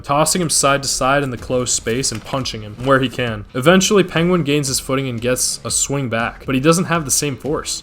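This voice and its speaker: Male streamer, mid pitch, rambling and profane, casual recap commentary. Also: a bit bright. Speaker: gaming streamer recapping a TV show.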